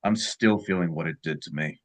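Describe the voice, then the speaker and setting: A man's voice: low-pitched, a little fast. A man voicing a sleepless, wry young man in a tabletop role-play, talking in a dry, musing way.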